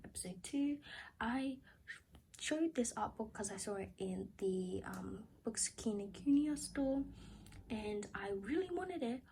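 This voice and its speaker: Young woman gushing over her haul, squeals then goes whispery, mid pitch, a bit of noise behind. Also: low-quality recording. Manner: gushing, excitable, drifts between loud outbursts and whispers. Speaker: vlogger. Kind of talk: casual unboxing haul.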